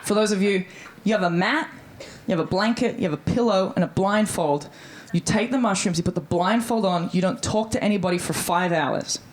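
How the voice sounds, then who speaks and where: On a comedy club stage before a live audience, an Australian woman in her thirties performs a chatty, breezy stand-up set, acting out the voices she quotes. Her medium-pitched voice moves fairly quickly with few pauses.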